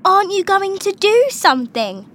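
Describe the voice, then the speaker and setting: High bright young girl voiced by a woman reader. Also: sing-song, moderate pace, full character voice. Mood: worried. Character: worried sensible young girl. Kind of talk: storybook reading.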